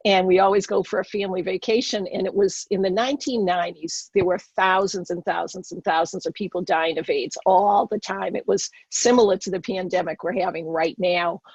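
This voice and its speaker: A woman's voice: medium pitch, steady tone, brisk, hardly any pauses, darkish tone, breathy edge, no echo, highs cut off. A middle-aged woman with a Boston accent, telling her personal story earnestly as a podcast guest.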